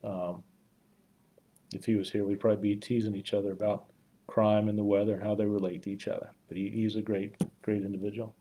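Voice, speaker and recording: A man, a police chief, talking warmly and haltingly on a live community stream, choked up at times and full of fillers. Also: lowish voice, flat delivery. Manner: heartfelt, rambling, frequent fillers. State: choked up with emotion.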